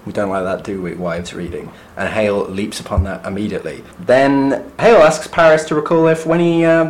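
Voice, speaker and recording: A man's voice: fairly low pitch, brisk, few pauses. A man co-hosting a podcast in casual chat, recapping a play with a dry, teasing wit. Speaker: podcast co-host.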